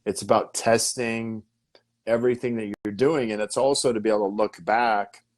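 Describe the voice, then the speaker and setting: A man as a podcast guest, giving energetic marketing advice in an emphatic way, often repeating words and asking rhetorical questions. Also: on the low side, normal speed. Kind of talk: energetic marketing coaching talk.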